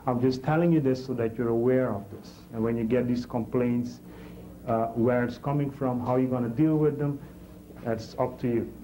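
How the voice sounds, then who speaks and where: Male instructor, technical classroom lecture, mellow tone, halting, repeats himself, faint noise behind. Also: mid-range voice, fairly even intonation, rough recording.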